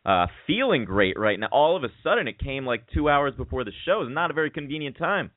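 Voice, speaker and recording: A man's voice: mid-range voice, sing-song, fast talker, no echo. A man co-hosting a radio show, telling candid stories in casual chat and swearing freely, feeling feverish. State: feverish, getting chills. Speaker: radio co-host. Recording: dry tinny phone-like sound.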